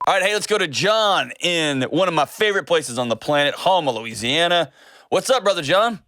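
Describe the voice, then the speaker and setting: A man hosting a call-in advice show, telling stories in a folksy, animated way. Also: on the high side, a little fast, dry recording, studio quality. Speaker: host. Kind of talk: casual call-in advice talk.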